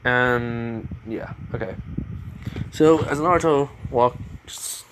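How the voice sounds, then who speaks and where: A man making up a fan story out loud as he goes, rambling and restarting his sentences. His voice is at an average pitch, and a faint hiss runs underneath. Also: very slow. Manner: rambling, many fillers and restarts. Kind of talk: improvised fan fiction narration.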